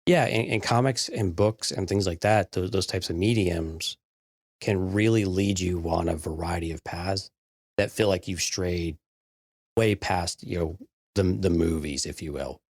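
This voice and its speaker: A man's voice: sits low, unhurried, darkish tone, no room sound, studio quality. A man co-hosting a podcast in casual chat, easygoing and reflective. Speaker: podcast co-host.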